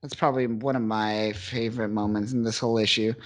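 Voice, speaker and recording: A man's voice: on the low side, little pitch movement, brisk. A man hosting a podcast, chatting enthusiastically about comics, with many ums and uhs. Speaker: podcast host. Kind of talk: casual comic book review chat.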